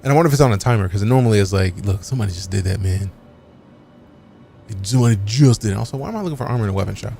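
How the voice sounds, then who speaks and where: A man's voice: on the low side, very fast, creaky, warm tone, slight background noise. A man live-streaming a game, chatting casually with his viewers and joking around with playful, mock-offended trash talk full of slang.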